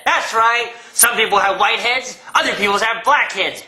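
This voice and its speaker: A man rants through a comedic monologue, sarcastic and full of profanity. His voice sits high and cuts bright and sharp. The room around him rings with a noticeable echo. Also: expressive, normal speed, hardly any pauses.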